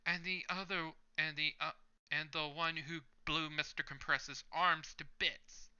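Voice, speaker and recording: A man voicing a panicking young male villain who cries out in alarm in a strained, high voice. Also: level tone, measured pace, sharp tone, clear, resonant tone. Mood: panicked. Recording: muffled lo-fi recording.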